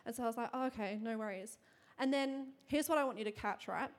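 A young woman preaching to a congregation in a chatty, quick way, full of fillers and bursts of laughter. Her voice sits a little high, and she moves easily between storytelling and teaching. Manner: chatty, fast, laughing often, many fillers. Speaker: church speaker. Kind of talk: sermon with personal story.

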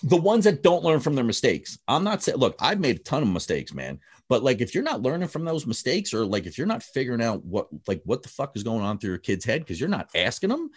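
Husky man, lively swinging pitch, blunt profane dad on a podcast. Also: a little fast, hardly any pauses. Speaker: father. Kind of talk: casual podcast chat.

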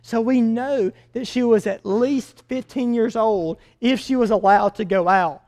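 A preacher teaching a Bible passage in a lively sermon, asking the listeners questions as it goes along. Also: mid-range voice, a little slow. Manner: animated, asks the audience questions.

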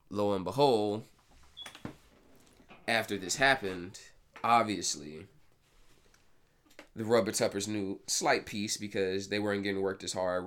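A man with a somewhat low voice talks through history on a casual podcast. He corrects himself often and slips in dry, sarcastic asides. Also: a bit bright. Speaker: podcast host. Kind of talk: casual educational podcast talk.

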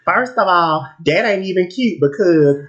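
A man's voice: sits high, lively intonation, normal speed, fairly bright tone, lo-fi sound. A man co-hosting a podcast in casual chat, laughing often and teasing his co-host.

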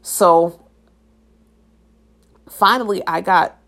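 A young adult woman hosting a podcast, telling a personal story in a blunt, animated and profane way. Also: fairly low pitch, drawn-out words. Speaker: podcast host. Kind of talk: casual storytelling.

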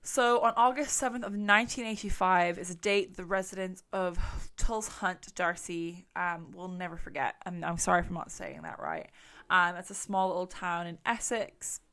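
A woman's voice: on the low side, fairly even intonation, normal speed, fairly bright tone. A woman hosting a true crime podcast, chatting casually with a rambling, sweary manner. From England. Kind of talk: casual chat.

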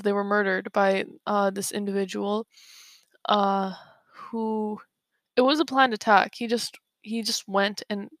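A woman's voice: medium pitch, dry recording, clean studio sound. A young woman hosting a podcast, telling a story in a chatty way with lots of fillers and restarts, and getting worked up. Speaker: podcast host. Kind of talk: casual storytelling monologue.

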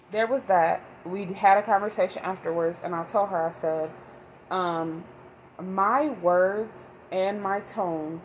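A woman's voice: fairly low pitch, slight background noise, low-quality recording. A woman vlogging about her day as a mother, talking in a rambling, emphatic way. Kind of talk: casual monologue.

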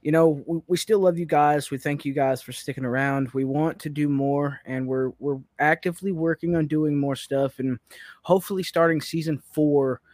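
A man's voice: on the high side, fairly even intonation, normal speed, a little mellow, dry recording, studio quality. A man co-hosting a podcast in casual chat, giggly and rambling. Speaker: podcast co-host.

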